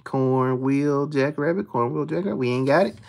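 A streamer, calling out scratch-off symbols one by one and muttering quietly while checking them. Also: mid-range voice, normal speed, slight background noise. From Texas. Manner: reads symbols aloud in a steady list, dropping to hushed mutters when checking. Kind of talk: casual play-by-play of scratching tickets.

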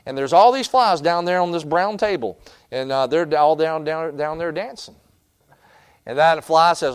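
A male pastor delivering a sermon, building to loud challenges and then dropping to quiet remarks. His voice is smooth and resonant and sits slightly high. He talks to the congregation in a plain, direct way. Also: normal speed. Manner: fiery preaching with big swings from shouting to quiet.

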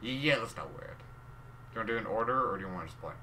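A young man casually commentating a video game, rowdy, joking and shouting now and then. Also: fairly low pitch, lively intonation, racing. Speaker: gamer. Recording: noisy gameplay capture.

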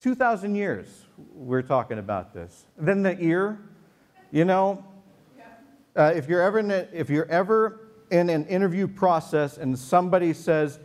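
Casual, joking male preacher, storytelling sermon, slightly higher voice. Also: animated, moderate pace, darkish tone. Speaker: pastor. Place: church sanctuary before a congregation.

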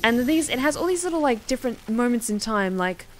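A woman's voice: on the high side, animated, fast talker, a little hiss or hum. A woman streamer casually commenting while she plays a horror game, musing and theorizing aloud. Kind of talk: casual let's-play commentary.

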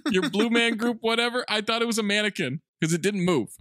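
A man's voice: sits high, normal speed, dry recording. Dry-toned podcast guy reading his notes. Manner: deadpan, reads from his notes. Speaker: podcast co-host. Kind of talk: casual movie-riffing chat.

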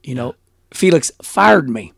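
A middle-aged man as an interview guest, telling stories in a blunt, animated way and laughing often. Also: medium pitch, measured pace, vocal fry, no room sound, studio quality. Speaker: interview guest, former race car driver. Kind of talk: casual storytelling interview.

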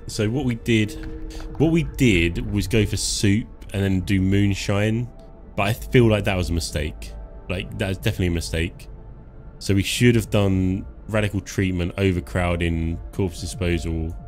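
Male streamer, lowish voice, loose and jokey, quiet game music underneath. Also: moderate pace. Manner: joking, chuckles often, self-talk while playing. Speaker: live-stream gamer. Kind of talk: casual live game commentary.

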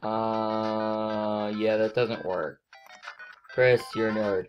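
A woman giving excitable let's play commentary as she plays, scolding herself and yelping at her mistakes. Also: a bass voice, extremely slow, dull audio, faint music behind. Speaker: gaming video creator.

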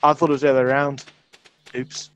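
A man's voice: mid-range voice, little pitch movement, fast, clear, resonant tone, muffled recording. A man hosting a casual co-op gaming session, chatty and jokey, narrating what he is doing. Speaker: let's play host. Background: game music.

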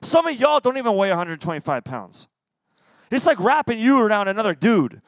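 A young man preaches to a youth group with a high voice. The sound is dry and close to the mic. He keeps it playful and acts out quotes as he goes. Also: sing-song, fairly quick, no echo. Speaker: youth pastor. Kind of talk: youth sermon. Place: church youth service.

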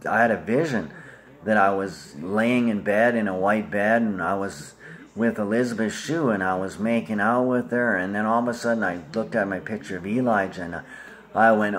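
A man's voice: lowish voice, fairly bright tone. A man with an Australian accent talking in a loose, rambling monologue that jumps from topic to topic and is addressed to his family.

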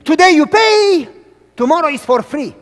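A man voicing a teasing male street ice-cream seller who calls out in a loud, sing-song hawker's voice. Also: very high-pitched, very animated, normal speed, big-room sound, voice pushed up, full character voice.

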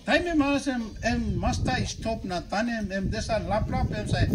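Heavy background noise surrounds this sermon from a Papua New Guinean-accented bishop speaking at a moderate pace. His delivery is emphatic and animated, alternating loud exhortation with quiet, low asides.

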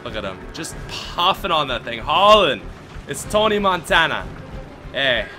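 A young man commentating his own gameplay, chatty and excitable, with outbursts and mock-British slang like mate. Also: fairly high pitch, soft background music. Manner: excitable, chatty, quick outbursts while playing. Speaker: gaming video host. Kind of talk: let's play commentary.

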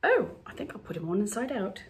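A woman's voice: medium pitch, sing-song, fast talker, a little hiss or hum. A woman leading a laughter class, playful and laughing often between her phrases.

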